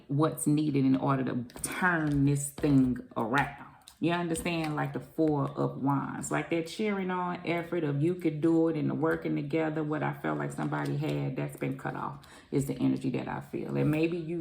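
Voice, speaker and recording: A woman's voice: low voice, steady tone, moderate pace, gravelly, a little mellow, a little hiss or hum. A woman giving a casual tarot reading to camera, rambling and musing aloud, often trailing off and circling back to how she feels. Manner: rambling, loose, repeats "I feel like"; muses aloud, trails off with "I don't know". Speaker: tarot reader.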